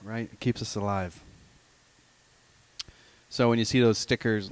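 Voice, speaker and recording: A man's voice: lowish voice, normal speed, long pauses. A man co-hosting a podcast in casual chat, dry and sarcastic in his asides. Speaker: podcast co-host.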